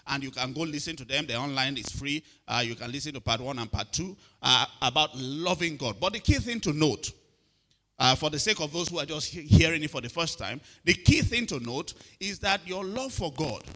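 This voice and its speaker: Bright-voiced man preaching a sermon. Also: on the high side. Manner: checks in with listeners often, repeats words. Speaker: pastor.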